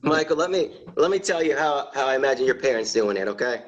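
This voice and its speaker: A man's voice: medium pitch, animated, fast, highs cut off. A man doing a chatty stand-up set over a video call, acting out little voices in his bits. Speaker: stand-up comedian.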